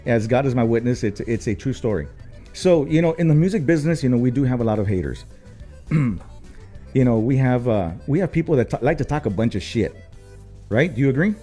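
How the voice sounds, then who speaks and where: A man's voice: medium pitch, expressive, brisk, dark tone, faint music behind. A man, co-hosting a casual talk show and telling a long story, with many fillers, swearing and switches into Spanish. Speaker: co-host.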